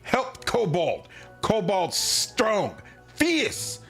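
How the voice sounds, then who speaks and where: Proud little kobold chief with blustering broken speech, voiced by a man, lively pitch. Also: drawn-out words, creaky, faint music behind, full character voice. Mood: indignant.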